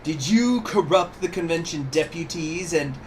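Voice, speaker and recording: A man's voice: fairly high pitch, lively intonation, normal speed, slight background noise, voice pushed up, lightly acted. A man reading a menacing revolutionary judge. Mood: accusing. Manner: cold, accusing, menacing. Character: stern revolutionary male judge, threatening and contemptuous. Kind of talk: reading game dialogue aloud.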